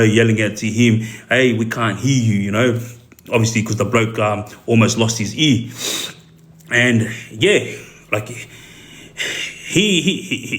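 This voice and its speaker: Australian man, ex-prisoner storyteller, casual livestream talk, halting delivery, lots of ums and restarts, mid-pitched voice. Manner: halting, many fillers and repeated words. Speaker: former prisoner telling his story on a livestream.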